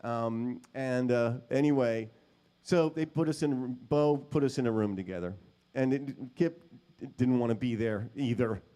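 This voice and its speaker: A male guitarist tells rambling, self-deprecating stories in a casual way, full of fillers. His voice sits at an ordinary middle pitch. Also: normal speed, warm tone. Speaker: guitarist and session musician. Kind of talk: anecdotal storytelling at a guitar clinic.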